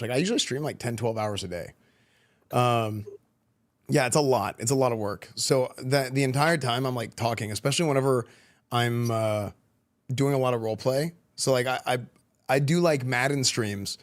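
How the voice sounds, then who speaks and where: A man's voice: medium pitch, moderate pace. Laid-back Texan man, mid-range voice. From Texas. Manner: relaxed and slangy, with many fillers and restarts. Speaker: streamer speaking to a school class. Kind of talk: casual chat answering students' questions. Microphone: good streaming microphone.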